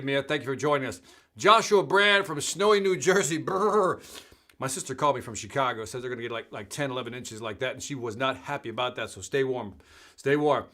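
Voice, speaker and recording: Male host, middle-aged, bright energetic delivery, calls out live-chat viewers by name, casual tone. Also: on the high side. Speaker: host of a live sales show.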